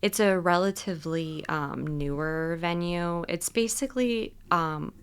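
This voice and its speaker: A woman's voice: on the low side, a little slow, clean tone. A young woman, a podcast guest, chatting casually with lots of "like" and "um". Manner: chatty, heavy use of "like" and "um". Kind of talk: casual conversational interview.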